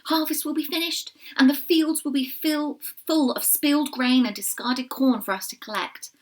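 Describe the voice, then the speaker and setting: A woman voicing an eager little male country bunny in a storybook reading, bouncy and high. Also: moderate pace, close to an everyday voice. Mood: longing.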